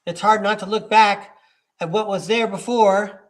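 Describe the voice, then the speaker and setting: A man's voice: high voice, steady tone, measured pace. A man hosting a live-streamed tarot reading, chatting easily with viewers and reading card keywords aloud one by one. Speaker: tarot reader and livestream host.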